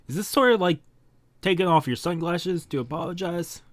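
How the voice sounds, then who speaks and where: A blunt, unbothered young male hero tosses off flat, casual remarks, as a man reads him aloud. The voice is lifted a little above the reader's own, and the sound is dry and close. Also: high-pitched, moderate pace, dry recording, voice pushed up, natural voice. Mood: offhand.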